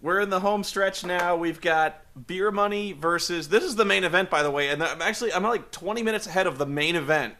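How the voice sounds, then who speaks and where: A man's voice: sits high, fairly quick, few pauses. A man recapping a show in a sarcastic, profane comedic style, acting out the people in it. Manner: sarcastic, swearing, animated storytelling.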